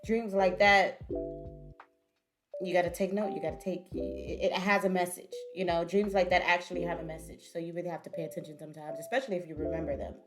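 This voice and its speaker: A woman's voice: lowish voice, flat delivery, quick pace, over music. A woman hosting a reaction video, talking casually and directly to her viewers. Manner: chatty, talks straight to viewers.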